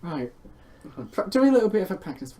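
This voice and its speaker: A man banters casually as he directs a friend's voice recording. He teases a lot and gives quick notes, with an animated, swinging pitch.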